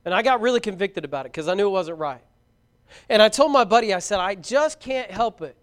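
A middle-aged man with a very high-pitched voice delivers a fervent sermon, calling out exhortations to his young listeners. He is animated and talks fast.

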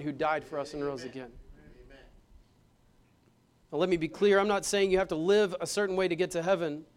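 High-voiced man preaching. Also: a little fast, long pauses, smooth. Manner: dynamic preaching, swings from hushed to loud and emphatic. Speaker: pastor. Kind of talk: sermon. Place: church.

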